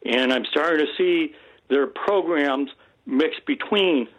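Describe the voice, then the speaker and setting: A man calling in to a radio show, speaking haltingly with frequent restarts. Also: on the high side, highs cut off. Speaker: caller. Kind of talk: radio call-in talk.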